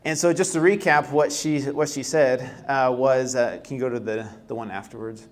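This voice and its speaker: A man's voice: mid-range voice, steady tone, moderate pace. A young man speaking to a workshop audience. His delivery is casual and loose, full of fillers and restarts. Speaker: presenter at a healthy living workshop. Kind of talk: live presentation talk. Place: workshop room.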